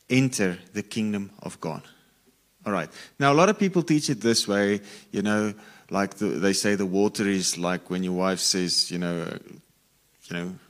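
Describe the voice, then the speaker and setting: Low-voiced man teaching scripture. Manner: reads scripture aloud, then explains it informally with asides. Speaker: preacher. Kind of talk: conversational Bible teaching.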